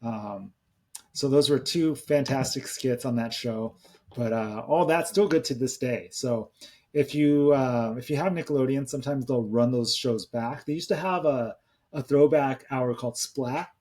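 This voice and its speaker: A man in his thirties talks through a solo podcast in a loose, rambling way, circling back and restarting his sentences as he goes. His voice sits at an ordinary middle pitch for a man, with nothing unusual in its tone. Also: a little slow, a little mellow. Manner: rambling, conversational, with many restarts. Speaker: podcast host. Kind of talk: casual solo podcast talk.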